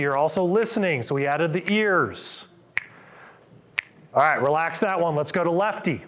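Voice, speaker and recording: Upbeat male exercise coach, fairly high voice. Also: animated, measured pace, fairly bright tone, a little hiss or hum. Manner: upbeat, coaching with counts and cues. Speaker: physical therapist leading an exercise class. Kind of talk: live exercise coaching talk.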